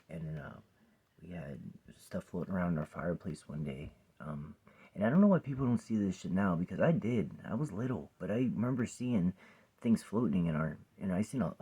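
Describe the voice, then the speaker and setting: Husky low-voiced man telling a rambling story. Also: mellow. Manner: rambling, swears often, drops to a near whisper at times. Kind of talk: casual personal storytelling to camera. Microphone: phone or camera close by.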